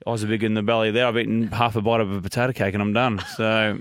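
A man's voice: fairly low pitch, flat delivery, quick pace, clear, resonant tone, no echo, studio quality. A young Australian man chatting casually, rambling and joking with lots of fillers. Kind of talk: casual chat.

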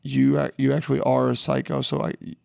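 A young man hosting a casual podcast, hoarse from a lost voice, rambling and joking with plenty of swearing. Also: medium pitch, monotone, fairly quick, darkish tone, dry recording, studio quality. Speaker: podcast host. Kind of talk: casual solo podcast intro.

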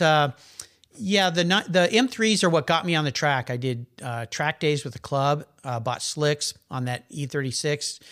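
Middle aged guy rambling through stories, animated and chatty, normal pitch. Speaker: guest, car enthusiast. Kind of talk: casual conversational storytelling.

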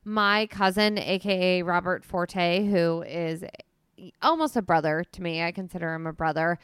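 A woman's voice: on the low side, moderate pace, fairly bright tone, clean tone, dry recording, studio quality. A woman hosting a podcast in a chatty, upbeat way. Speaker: podcast host. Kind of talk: casual podcast chat.

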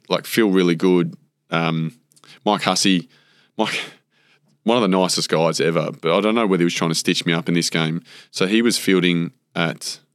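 Here a low-pitched Australian man, once a cricketer, tells loose, filler-heavy stories and acts out quotations while chatting as a guest. The setting is a casual storytelling interview, and the studio sound is clean and echo-free.

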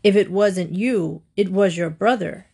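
A woman's voice: medium pitch, unhurried, dark tone, husky. A woman doing a boastful bullying wolf. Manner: proud, growling.

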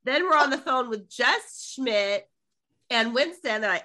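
A middle-aged woman co-hosts a casual podcast, walking through an episode scene by scene. Her voice sits a little high and rings bright. She slips into the characters' lines as she retells them. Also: slow pace. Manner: animated storytelling, quotes lines from the show. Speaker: podcast co-host. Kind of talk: casual episode recap chat.

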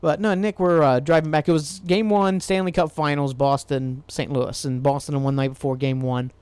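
A man's voice: fairly high pitch, steady tone, normal speed, darkish tone, clean tone, no echo. A man from Ohio hosting a casual solo podcast, rambling loosely, swearing freely and laughing at himself. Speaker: podcast host.

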